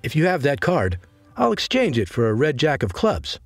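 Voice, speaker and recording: A man voicing a polite but shrewd young male warrior who speaks in a measured way. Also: mid-range voice, huge pitch swings, no room sound, studio quality. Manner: polite, turning cold and guarded.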